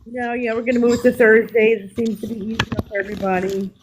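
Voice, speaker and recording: A woman's voice: a little high, fairly even intonation, fast talker, background noise. A woman with a New York accent hosting a live stream, talking candidly in casual chat with restarts. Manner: chatty, candid, with restarts and laughs.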